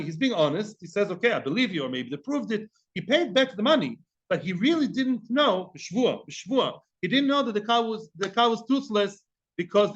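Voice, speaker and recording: Animated, high-voiced Talmud teacher. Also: male voice, highs cut off. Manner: animated, mixes Hebrew and Aramaic terms, acts out dialogue. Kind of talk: lively Talmud class lecture.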